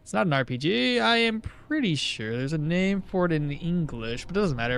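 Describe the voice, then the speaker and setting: Lively, higher-voiced male game streamer. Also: normal speed, vocal fry, hardly any pauses, clear, resonant tone. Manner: chatty, reads and answers chat while playing. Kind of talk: casual live gameplay commentary.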